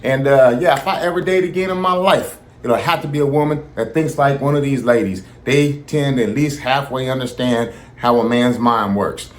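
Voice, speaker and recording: A man's voice: mid-range voice, normal speed, few pauses. A man hosting a channel, giving a casual and friendly sign-off straight to his viewers. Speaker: channel host. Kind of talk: casual video outro.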